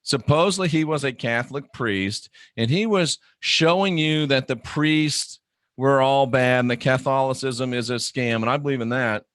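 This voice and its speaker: A middle-aged man hosts his own show and speaks bluntly in a dry, close sound. He is animated and sometimes bursts into loud mock shouts. His pitch sits in an ordinary middle range. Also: moderate pace, no room sound. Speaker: host. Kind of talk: live online show monologue.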